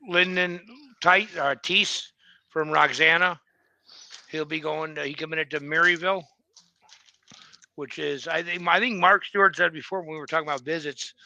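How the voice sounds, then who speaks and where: A man's voice: a little high, steady tone, normal speed, sharp tone, no room sound, lo-fi sound. A man co-hosting a podcast in casual chat, easygoing and asking questions. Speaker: podcast co-host.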